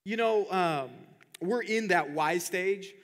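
A man's voice: sits high, slow, fairly bright tone. A man preaching a sermon as pastor, talking conversationally with many repeated fillers and restarts, and laughing often. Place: church hall. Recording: long reverb of a church hall.

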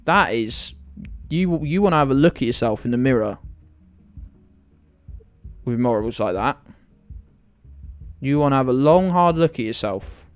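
A man's voice: mid-range voice, animated, measured pace, long pauses, clear, resonant tone, no echo. A young British man streaming a game live, teasing his chat with playful indignation and mock outrage. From United Kingdom.

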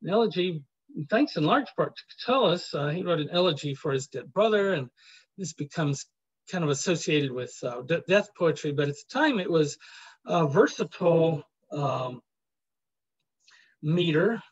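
Husky-voiced man lecturing a class. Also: fairly high pitch, expressive, normal speed, muffled recording. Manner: chatty, jokey, many fillers. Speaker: professor. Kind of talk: university lecture.

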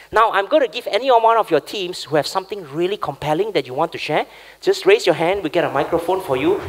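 A man leading a live coaching workshop, talking energetically and checking in with the group again and again. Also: sits high. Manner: energetic, keeps asking "okay?". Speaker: workshop facilitator.

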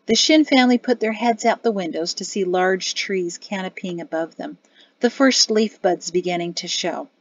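A woman reading an audiobook in scripted narration, with steady, even storytelling. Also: medium pitch, moderate pace, no room sound, muffled recording.

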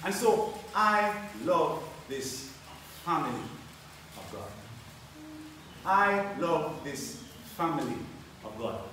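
A man's voice: a little high, big pitch swings, slow pace, bright, forceful tone, slight background noise. A man preaching a sermon, repeating phrases and asking the congregation rhetorical questions. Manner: repetitive, rhetorical questions, call-and-response. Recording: very echoey, from a distance.

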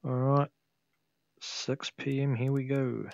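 A man's voice: mid-range voice, little pitch movement, takes it slowly, creaky, a little mellow, highs cut off, a little hiss or hum. A tired man casually commentating a flight sim game he is playing, thinking aloud and humming to himself. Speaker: gameplay video host.

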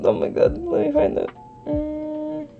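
Her voice sits high and comes out monotone and creaky at a measured pace. She's crafting on a live stream, casually chatting, thinking out loud and replying to chat, with slightly dull audio and faint music in the background.

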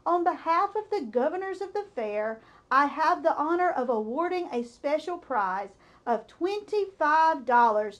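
A pompous male fair announcer, as a woman reads him aloud, booming out grand, formal praise in a high, lifted voice. He sounds loud and self-important, like a storybook official addressing a crowd.

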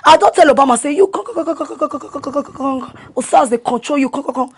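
An actress playing a boastful young woman who brags loudly in sing-song Nigerian Pidgin English in a Nollywood home-video drama. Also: sits high, fast talker. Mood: bragging. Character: boastful young woman bragging about her admission letter. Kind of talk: Nollywood film acting.

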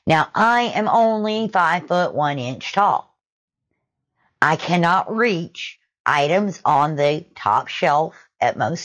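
Brief: woman storyteller, low-set, very expressive, unhurried. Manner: animated, conversational storytelling. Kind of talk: retail story narration.

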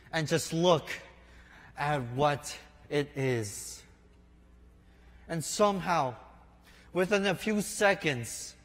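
Slow, higher-voiced man preaching in a hall. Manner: unhurried storytelling preaching, addresses listeners as "my friends". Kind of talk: sermon. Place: church sanctuary. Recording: long reverb of a large hall.

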